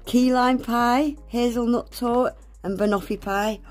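A woman's voice: a little high, little pitch movement, moderate pace, few pauses, darkish tone, soft background music. A young woman, unboxing gifts in a casual vlog, gasping and exclaiming often and swearing casually. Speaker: nail art vlogger.

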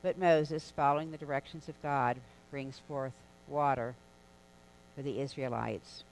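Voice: mid-range voice, steady tone, a little slow, vocal fry, a little hiss or hum, rough recording. Conversational preacher telling a story. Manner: conversational, storytelling delivery with asides. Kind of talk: sermon. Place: church sanctuary.

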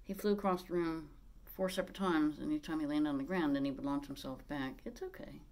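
A woman at home vlogging about her parrot, switching between plain talk to the camera and high, sing-song baby talk to the bird. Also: steady tone, fairly quick, darkish tone. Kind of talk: casual vlog talking to camera and her pet.

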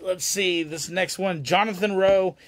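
A man's voice: high-pitched, fairly even intonation, unhurried, fairly bright tone. A man hosting a live autograph signing stream in casual chat, laughing and joking often.

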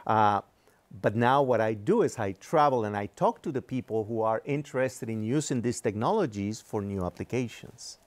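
A man's voice: on the low side, animated, moderate pace. A man being interviewed as an engineering executive, who explains technical ideas patiently and uses frequent fillers.

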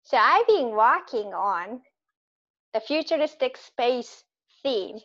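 Slow, measured woman with a Japanese accent. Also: on the high side, sing-song, fairly bright tone, lo-fi sound. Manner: slow, measured, self-deprecating. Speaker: poet. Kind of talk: poetry reading.

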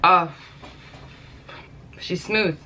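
Woman, late 30s, beauty vlogger; bright, sassy and chatty, full of exclamations. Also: lowish voice, steady tone, very slow. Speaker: makeup artist and beauty vlogger. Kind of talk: casual makeup tutorial chat. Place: home makeup desk.

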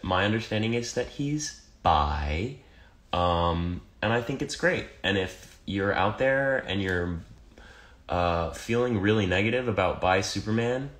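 On a casual phone livestream Q&A, an American man reads fan comments aloud and answers them with wry teasing. His voice sits on the low side, animated and moving at a moderate pace.

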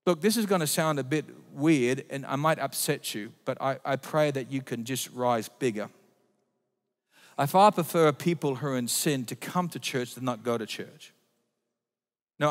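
A man preaching a sermon as pastor, emphatic, swinging between loud declarations and quiet asides. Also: mid-range voice. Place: church. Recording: long reverb of a church hall.

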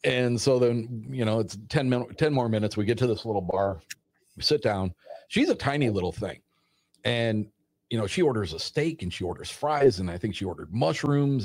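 A man casually retelling a personal story in a rambling, animated way, acting out the dialogue as he goes. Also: fairly low pitch, moderate pace, slightly rough, no room sound. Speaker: storyteller guest.

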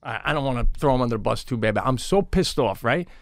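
A middle-aged podcast co-host tells a casual story in a heated, exasperated, profane way, his voice leaping upward whenever he gets irritated. He speaks fast at a medium pitch with vocal fry, and there's no echo. His delivery is animated throughout.

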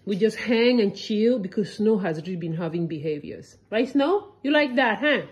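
A woman's voice: lively intonation, moderate pace, poor audio. A woman filming her pets at home and chatting casually with her family and the cockatiel. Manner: chatty, talks to the bird in a high sing-song. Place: home kitchen.

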